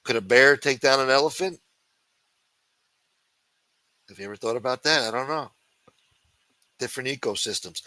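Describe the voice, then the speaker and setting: Man, talk show host, bright tense voice, dry close sound, profane sarcastic commentary on news articles. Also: mid-range voice, a little fast, dry recording, poor audio.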